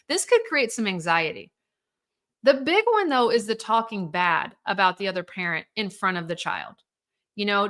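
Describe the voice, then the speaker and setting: Woman host, bright tense voice, blunt and candid about hard family topics, live to viewers. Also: mid-range voice. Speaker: divorce coach hosting a live show.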